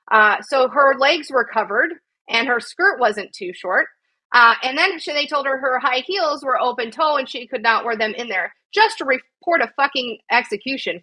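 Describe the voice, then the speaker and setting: A woman co-hosting a podcast recounts a news story in casual chat, rambling, indignant and swearing often. Her voice is on the high side, pushed and bright, and the audio quality is poor.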